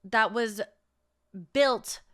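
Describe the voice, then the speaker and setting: A young woman vlogger telling stories in casual chat, profane and animated, often laughing and acting out quotes. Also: fairly high pitch, very slow, clean tone.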